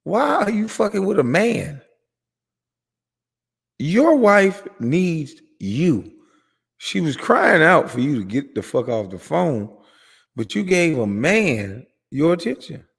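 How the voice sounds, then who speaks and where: A man's voice: a little high, very animated, a little slow, vocal fry, a bit bright, breathy edge, in a large hall. A man giving heated reaction commentary, profane and mocking as he rants at someone. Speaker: host reacting to a clip.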